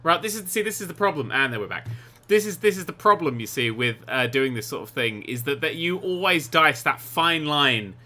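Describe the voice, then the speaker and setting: Young guy doing lets play commentary, giggly and sarcastic, super bright lively voice. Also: on the high side, brisk. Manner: excitable, giggly, sarcastic asides. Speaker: gaming YouTuber.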